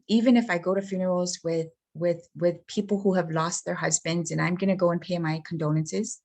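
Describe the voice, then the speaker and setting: A woman presenting a workshop on helping grieving people, speaking earnestly and often checking in with the listener. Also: fairly low pitch. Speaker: suicide prevention trainer.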